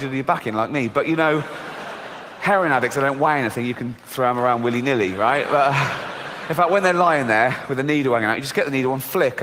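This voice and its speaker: A man's voice: mid-range voice, fairly bright tone. A middle-aged man from Britain performing a mocking, sardonic stand-up routine on a theater stage, swearing freely. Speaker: stand-up comedian. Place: theater stage before a laughing audience. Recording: long hall reverb, faint noise.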